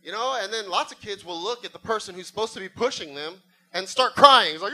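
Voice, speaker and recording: A man's voice: high-pitched, expressive, fairly quick, sharp tone, poor audio. A middle-aged man preaching a sermon, telling a funny story and acting out voices and sound effects. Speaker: pastor.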